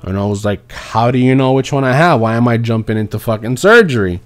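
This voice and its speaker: A man's voice: mid-range voice, animated, a little fast. A young man vlogging a personal story time in a casual, profane, rambling and exasperated way.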